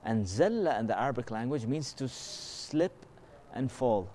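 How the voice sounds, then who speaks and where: A man's voice: medium pitch, lively intonation, a little slow, warm tone, a little hiss or hum. Man teaching a casual scripture lesson. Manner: casual and explanatory, asks rhetorical questions and checks in with "okay?"; slips into melodic Arabic recitation of verses. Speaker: religious teacher.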